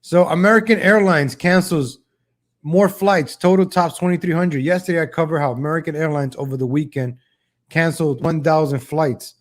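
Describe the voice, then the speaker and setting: Hosting a political commentary livestream, a man speaks at normal speed in a somewhat higher voice, rambling with sarcastic asides and frequent restarts. He mocks politicians by mimicking them in a higher voice and keeps addressing viewers as "ladies and gentlemen."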